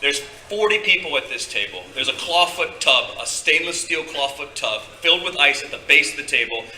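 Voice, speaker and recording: A man's voice: a little high, lively intonation, moderate pace, sharp tone, slight background noise. A man telling a rambling live story on stage, with many fillers and restarts. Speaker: storyteller guest. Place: convention stage before a live audience. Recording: echoey hall, distant mic.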